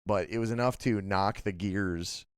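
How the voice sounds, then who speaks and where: A man's voice: lowish voice, moderate pace, smooth, no room sound, clean studio sound. A young man co-hosting a casual late-night podcast, telling stories in a rambling way, full of "like" and swearing. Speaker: podcast co-host.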